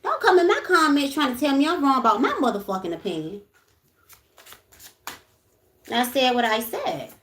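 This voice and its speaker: Woman, livestream chat, high lively voice, blunt and profane, echoey room. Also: fast talker, slight background noise. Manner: blunt, profane, swings from ranting to soothing. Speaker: livestream host.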